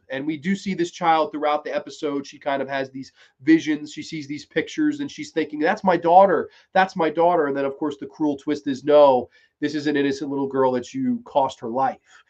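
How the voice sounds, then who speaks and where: A man hosting a live-streamed TV review, talking casually, swearing freely and excitedly retelling scenes. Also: a little high. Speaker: podcast host reviewing a TV series. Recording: dull lo-fi stream audio.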